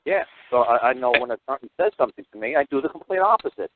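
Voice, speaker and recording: A man hosting a call-in show, telling stories in a blunt, profane, rapid way. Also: mid-range voice, expressive, noisy background. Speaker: host. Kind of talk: casual storytelling on a call-in show. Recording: tinny phone-line audio.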